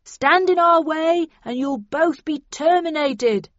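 A woman voicing a menacing hostage-taker calling through a bullhorn, loud, slow and deliberate. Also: high voice, dry recording, muffled recording, voice pushed up. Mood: threatening. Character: cornered man on a bullhorn, menacing.

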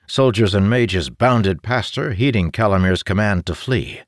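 Low-voiced man narrating a fantasy audiobook. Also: expressive, measured pace, no room sound, clean studio sound.

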